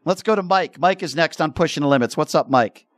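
A man's voice: fairly high pitch, fairly quick, dry recording, clean studio sound. A man hosting a call-in radio talk show, combative and talking over his callers.

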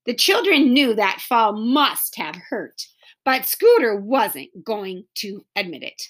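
A woman reads a children's story aloud in a bright, fairly high voice. Her delivery is animated, rising and falling through each sentence to keep young listeners engaged. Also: slow. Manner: expressive storybook reading. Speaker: narrator. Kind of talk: reading a children's book aloud.

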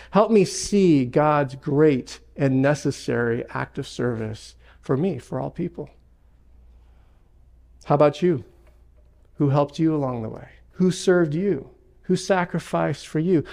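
A man's voice: on the high side, gravelly, a little mellow. A man preaching a sermon as pastor, emphatic, with repeated phrases and personal stories. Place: church sanctuary.

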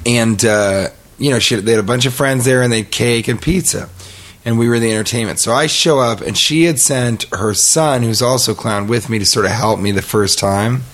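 A man's voice: medium pitch, moderate pace. A middle-aged man telling a rambling, comic story on a podcast, acting out the quotes as he goes. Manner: rambling, animated, acts out quotes. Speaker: podcast host. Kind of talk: casual comedic storytelling.

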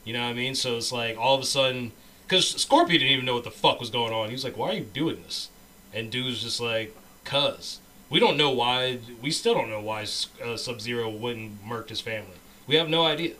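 A man's voice: medium pitch, fairly quick, bright, forceful tone, slight background noise, rough recording. A man in casual chat, ranting with profane slang about a movie.

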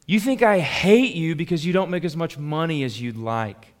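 A man's voice: a little high, normal speed, lightly acted. A male preacher voicing God in a sermon, reasoning earnestly and without hurry. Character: God, patient male deity gently rebuking.

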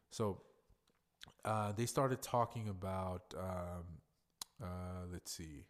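A tipsy man hosting a podcast in a blunt, profane, ranting monologue. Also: fairly low pitch. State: tipsy from drinking. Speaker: podcast host.

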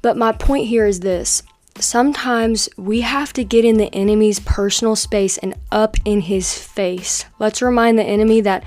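A woman hosting a faith podcast, talking in an energetic, encouraging, conversational way. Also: medium pitch, normal speed, faint music behind. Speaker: podcast host.

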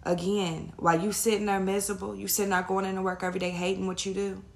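A woman's voice: flat delivery, fast, vocal fry. Sassy, profane woman giving tough-love pep talk. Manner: blunt, profane, calls listener honey and baby; sassy, pitch jumping up for emphasis. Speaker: motivational speaker.

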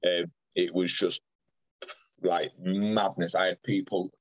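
A young man speaks in a very deep, low voice, retelling his story earnestly and in close detail, often restarting and acting out what people said. The sound is dry and close, with a slightly dull, lo-fi quality. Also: little pitch movement, takes it slowly, no room sound. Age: young adult. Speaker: podcast guest. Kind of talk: personal storytelling in conversation.

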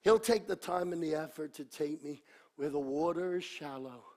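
A man in his sixties preaching a sermon, swinging between impassioned shouting and low, quiet speech with a repetitive, emphatic cadence. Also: normal speed. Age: 60s. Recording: long reverb of a large hall.

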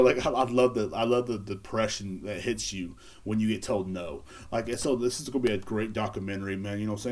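A man hosting a casual solo podcast, rambling and joking with lots of swearing and filler words. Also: on the low side. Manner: rambling, joking, profane, laughs at own bits. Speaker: podcast host.

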